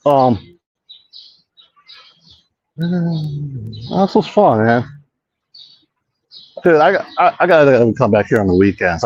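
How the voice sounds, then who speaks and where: A man walks through an outdoor park hosting a casual walk-and-talk vlog, rambling, swearing a lot and making fun of himself. His voice is lowish, the audio dull, with slight background noise.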